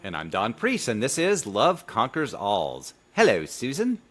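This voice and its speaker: A man's voice: on the low side, wildly swooping pitch, unhurried, fairly bright tone. A man co-hosting a podcast, chatting casually in a dry, teasing way. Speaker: podcast co-host.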